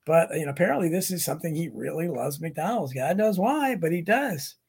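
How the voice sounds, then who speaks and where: Husky-voiced man rambling on a livestream. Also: on the high side, animated, fairly quick, darkish tone. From United States. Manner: rambling, many restarts and asides. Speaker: livestream host reading viewer comments. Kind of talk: casual rambling chat.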